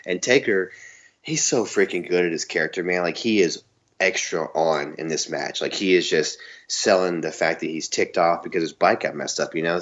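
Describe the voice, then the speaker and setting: A man from the Southern US co-hosting a podcast, telling stories excitedly and laughing often. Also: low voice, highs cut off. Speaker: podcast co-host. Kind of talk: casual chat.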